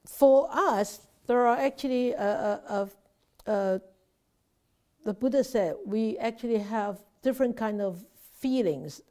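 Mellow higher-voiced woman teaching Dharma. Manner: conversational, often restarts and repeats words, checks in with listeners. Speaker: Buddhist nun and Dharma teacher. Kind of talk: informal Dharma class over a video call.

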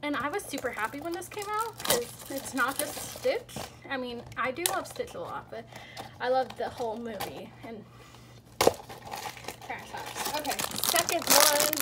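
High-voiced woman gushing over toys. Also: slow, pauses often, heavy background noise. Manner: gushing, squealing with excitement at each reveal. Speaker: toy unboxing vlogger. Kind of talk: casual unboxing chat.

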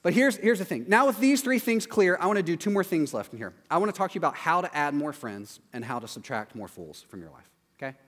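Male preacher, conversational sermon, raised pitch, long church-hall reverb. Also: sing-song, fast talker, fairly bright tone. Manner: conversational, acts out quoted voices, frequent "right?" asides. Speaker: pastor.

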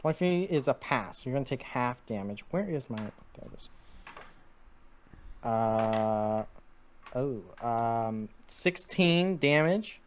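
Animated laughing game master man. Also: mid-range voice, slow. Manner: laughing, animated, voices figures briefly. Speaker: dungeon master. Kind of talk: running a tabletop game, casual.

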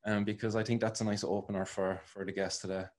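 A man's voice: fairly low pitch, level tone, fast. A man hosting a podcast interview in casual chat, hesitant with many fillers. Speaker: podcast host.

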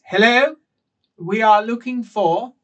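A man's voice: high-pitched, brisk, fairly bright tone, recorded from a distance, dull audio, pitched above the performer's own voice. A man voicing a composed woman who calls out politely for her group, a little off-mic.

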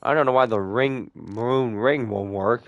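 A young man giving casual let's-play commentary, joking, swearing a lot and letting out sudden loud whoops. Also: medium pitch, normal speed, creaky, dry recording, highs cut off. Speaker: gameplay streamer.

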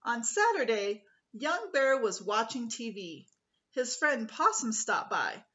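Woman reading a picture book aloud, slow and lively. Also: on the high side, muffled recording. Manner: slow, expressive read-aloud. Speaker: preschool teacher.

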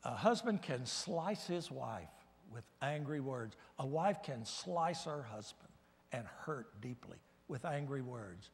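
A man preaching a guest sermon in a church, animated and swinging from loud bursts to hushed asides. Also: mid-range voice, slow. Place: church sanctuary. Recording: reverberant church hall.

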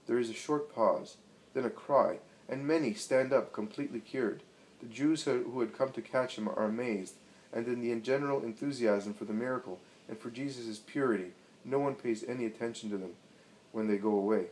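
A man narrating a religious story in a measured, dramatic reading. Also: medium pitch, darkish tone, slight background noise, low-quality recording.

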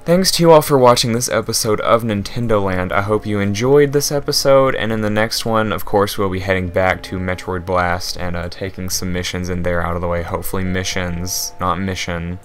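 A man's voice: low-pitched, fairly even intonation, fairly quick, hardly any pauses, soft background music. A young man hosting a let's play, joking as he reads game text aloud and riffs on it. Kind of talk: casual gameplay commentary.

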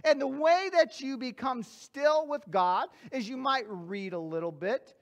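A man's voice: extremely high pitch, measured pace. A male guest pastor preaching a sermon, earnest and emphatic, repeating phrases for effect and joking at his own expense. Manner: self-deprecating humor. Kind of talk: sermon with personal stories.

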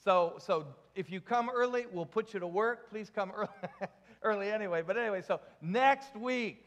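A high-pitched man preaching to his congregation, throwing in jokes and asking them questions. His voice rings out with a long reverb in a church hall. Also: normal speed. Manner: jokey, asks the congregation questions. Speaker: pastor. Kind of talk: sermon.

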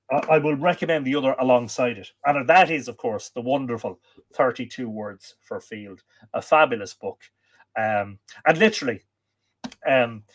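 An Irish man hosting a live stream, chatting casually, reading out viewer comments and recommending books, with plenty of ums and uhs. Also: medium pitch. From Ireland. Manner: chatty, reads viewer comments aloud, many fillers. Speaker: livestream host. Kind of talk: casual livestream chat.

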